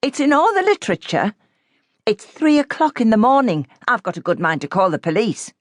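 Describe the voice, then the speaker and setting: Rich: An officious, irritated landlady, as a woman narrator puts her on, scolding a late-night caller. The voice sits up high with a sharp, indignant edge. The audiobook sound is close and dry. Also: very animated, brisk, no echo.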